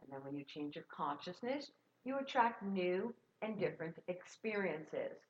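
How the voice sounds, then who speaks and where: A woman's voice: on the low side, lively intonation, normal speed. Encouraging woman minister, lo-fi church recording. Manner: warm, encouraging, leads the congregation in call-and-response. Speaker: guest minister. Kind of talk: sermon with sung jingles. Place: church sanctuary.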